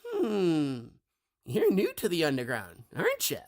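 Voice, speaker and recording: Lady doing a falsely friendly little flower guy, singsong, wild swoops in pitch, slow. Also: huge pitch swings, a little mellow. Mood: chirpy. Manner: singsong, drawn-out greeting.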